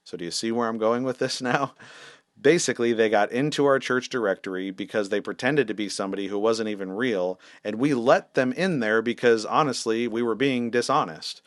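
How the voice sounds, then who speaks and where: A man's voice: medium pitch, a little fast, no echo, clean studio sound. A man, a senior pastor, telling a story in a casual, wry, self-deprecating way with lots of fillers.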